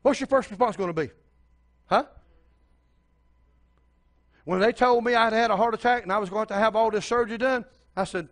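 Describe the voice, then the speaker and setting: Older preacher, high voice. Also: male voice, animated, normal speed, pauses often, fairly bright tone. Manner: storytelling preacher, addresses the congregation directly. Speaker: pastor. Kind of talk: sermon.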